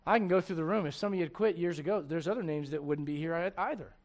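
A man's voice: on the high side, fast. A middle-aged man preaching a sermon, acting out quoted voices and laughing at his own jokes. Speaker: pastor.

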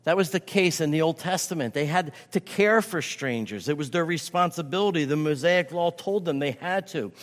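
A man preaching with a fairly high voice, pressing his points home by saying them again and again. His words ring out with a long reverb, as if he is in a large hall. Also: expressive, moderate pace, hardly any pauses. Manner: emphatic, repeats key phrases for stress. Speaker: pastor. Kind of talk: sermon.

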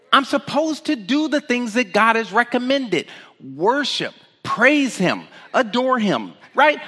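A man preaching a loose, conversational sermon with a high, lively voice that swings all over. His tone is bright and emphatic, and he keeps tossing rhetorical questions to the room. Long reverb trails behind every phrase, as in a large hall. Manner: animated, emphatic, rhetorical "right?" asides. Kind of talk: informal sermon.

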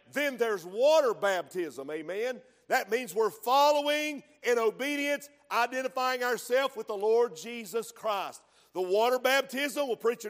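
A man's voice: very high voice, big-room sound. A man preaching a fervent sermon, punctuating his points with frequent amens.

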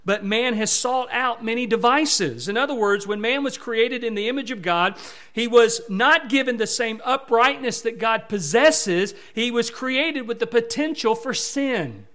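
A pastor delivering a sermon in a fairly high, bright-toned male voice. He preaches emphatically, rising and growing louder on repeated words. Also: unhurried.

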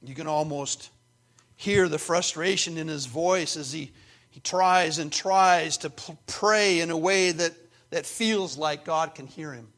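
A male pastor preaches an earnest sermon with a slightly high voice. He drops to quiet, confiding asides and then builds back up to emphatic points. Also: a little slow. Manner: earnest, swings from hushed to emphatic.

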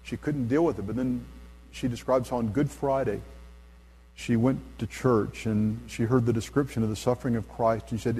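A middle-aged man preaching a sermon as a pastor, earnest and emphatic at his high points, then soft and low as he tells stories. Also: a little fast, slight background noise. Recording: long hall reverb.

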